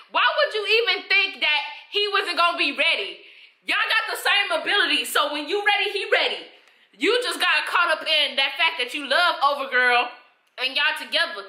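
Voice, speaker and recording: A young woman reviewing TV episodes in a casual, animated, slangy reaction style. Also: sits high. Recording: roomy echo.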